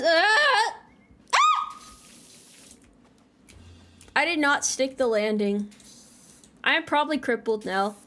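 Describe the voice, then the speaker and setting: High-voiced playful woman streamer. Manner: playful, teasing, chatty. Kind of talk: casual gameplay commentary.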